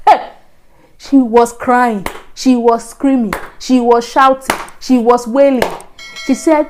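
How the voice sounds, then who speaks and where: A Nigerian woman vlogger telling a personal story in a lively, animated way, acting out the voices she quotes. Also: a little high, slow, slight background noise. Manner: animated, acts out quoted voices, frequent laughs. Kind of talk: casual storytelling.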